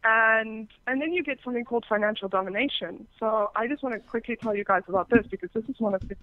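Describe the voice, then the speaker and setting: A woman guest chatting casually in an interview, telling lively stories and acting out quoted callers, with many fillers and restarts. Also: fairly high pitch, fast, dry recording. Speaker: podcaster and phone sex operator, guest. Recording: thin, dry phone-like sound.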